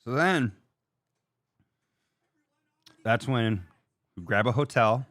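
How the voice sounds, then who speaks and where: A man's voice: medium pitch, expressive, a little slow, a bit bright, dry recording. A man hosting a podcast from a hotel room, telling a story casually with swearing, laughter and exasperation. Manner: profane, exasperated, laughing retelling. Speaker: podcast host.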